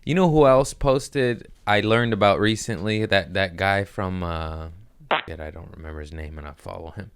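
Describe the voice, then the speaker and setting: A man's voice: sits low, moderate pace, clear, resonant tone, no room sound. A young man hosting a podcast in a podcast room, chatting casually in a rambling, profane, joking way. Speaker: podcast host. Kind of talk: casual comedic podcast chat.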